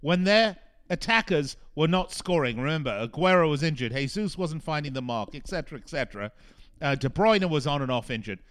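A man's voice: on the high side, expressive, fairly quick, fairly bright tone. A male soccer radio host giving a frustrated, emphatic talk monologue, repeating phrases for punch. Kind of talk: opinionated sports talk monologue.

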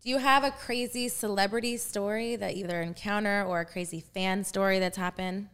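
A woman's voice: mid-range voice, fairly even intonation, brisk, fairly bright tone, clean tone. Blunt, teasing woman interviewer. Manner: blunt, teasing, laughs often. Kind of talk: casual interview chat.

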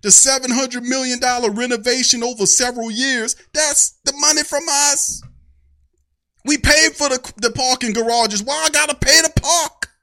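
A man's voice: extremely high pitch, steady tone, moderate pace, pushed and bright. A man hosting a fan show, ranting in an angry, profane way. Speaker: sports fan show host. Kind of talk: heated fan rant.

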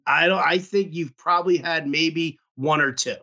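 A man's voice: on the high side, moderate pace, sharp tone, muffled recording. A married man co-hosting a casual chat, rambling with lots of fillers.

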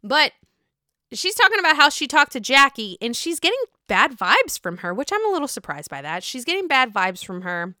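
Young woman, gossipy recap, swears a lot, crisp smooth voice, slightly high. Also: moderate pace, dry recording, clean studio sound. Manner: animated, gossipy, heavy swearing. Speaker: reality TV recapper. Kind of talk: casual recap chat.

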